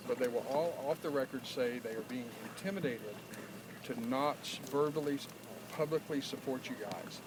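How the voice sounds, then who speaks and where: A man with a mid-range voice asks a reporter's question at an outdoor press conference. He speaks in a measured, plain way. Heavy outdoor noise runs loud beneath him. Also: medium pitch.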